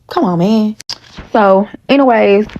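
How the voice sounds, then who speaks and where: A woman's voice: medium pitch, slow pace, a little mellow, dull audio. A woman in her thirties telling a storytime vlog directly to her viewers, blunt and heavy on swearing. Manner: blunt, profane and heated, talks straight to viewers. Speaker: storytime vlogger. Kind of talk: casual storytime chat to viewers.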